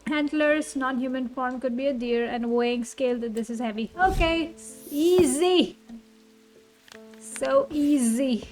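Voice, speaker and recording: A woman's voice: high voice, unhurried, faint music behind, poor audio. A woman thinking aloud through a blind playthrough of a puzzle game. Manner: thinks aloud, muses softly. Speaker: game streamer.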